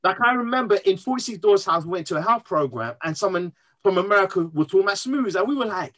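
A man, speaking as a podcast guest, earnest and emotional, telling his story in an animated way. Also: high-pitched, fast talker, rough recording. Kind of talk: candid interview conversation.

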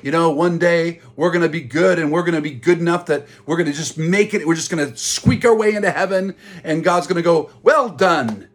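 A man preaching a sermon as pastor, earnest and repeating phrases for emphasis. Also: on the high side.

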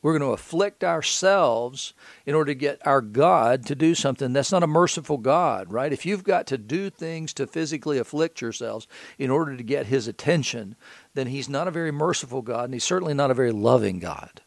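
Man, preacher, gravelly voice, dry close sound, casual asides while reading scripture. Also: mid-range voice, lively intonation, brisk, dry recording. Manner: casual asides and rhetorical questions. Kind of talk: scripture reading with conversational commentary.

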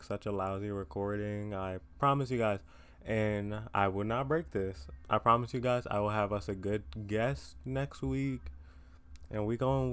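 A teenage guy hosts his own podcast, sounding worn out as he rambles through his week. His voice sits a bit low and comes across smooth and clear. He talks casually, leaning on fillers and poking fun at himself. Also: fairly bright tone. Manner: rambling, filler-heavy, self-deprecating. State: tired. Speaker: podcast host. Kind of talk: casual solo chat.

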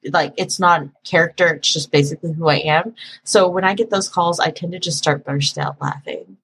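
A woman guest on a podcast, telling stories in a lively, joking way and acting out the people she talks to. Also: low voice, fairly quick, a little hiss or hum. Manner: animated storyteller, acts out callers, laughs often. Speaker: podcast guest, phone sex operator. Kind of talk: casual podcast conversation.

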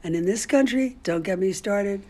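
An older woman with a husky, slightly breathy voice speaks as an interviewee. She tells stories in a candid, outspoken way. Her talk is full of ums and restarts. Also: medium pitch, normal speed, mellow. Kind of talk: casual storytelling.

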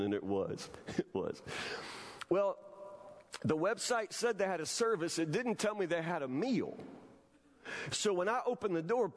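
High-voiced male pastor in an echoing hall. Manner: storytelling, repeats phrases, asks the room "you understand?". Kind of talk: sermon with personal story. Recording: long hall reverb.

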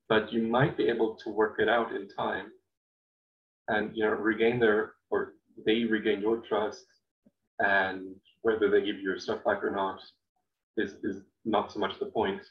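Man, low monotone, calm measured co-host; dull lo-fi roomy audio. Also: far from the mic. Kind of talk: casual conversation.

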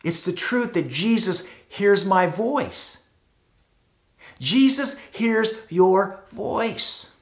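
A pastor preaching a sermon, shifting between loud emphatic moments and quiet hushed ones, and repeating words for emphasis. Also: medium pitch, animated, extremely slow, reverberant. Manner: dramatic, swings from loud to hushed. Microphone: streamed service mic.

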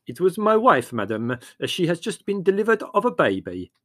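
A man's voice: high voice, big pitch swings, very slow, fairly bright tone, pitched above the performer's own voice, exaggerated voice. A man voicing a proud, mild-mannered doctor who speaks eagerly with a slight stammer.

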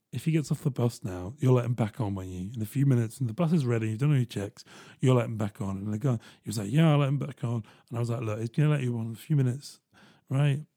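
A man hosting a podcast, telling a story in a chatty, animated way and jumping into quick voiced asides. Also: medium pitch, breathy edge, no room sound, clean studio sound. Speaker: podcast host. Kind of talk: casual storytelling monologue.

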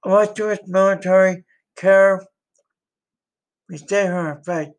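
A man's voice: high-pitched, steady tone, measured pace. A man in an amateur solo role-play as a soldier, talking in loose, rambling, earnest phrases.

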